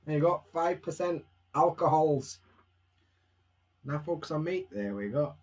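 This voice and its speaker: A man's voice: fairly high pitch, lively intonation, unhurried. A young man with a Barnsley Yorkshire accent, chatting casually and self-mockingly at home on a live stream, answering viewers' questions.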